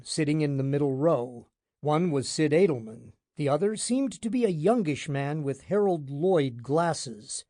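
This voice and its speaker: A man narrating a hard-boiled detective audiobook in the first person, wry and deadpan. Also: on the high side, no room sound, clean studio sound.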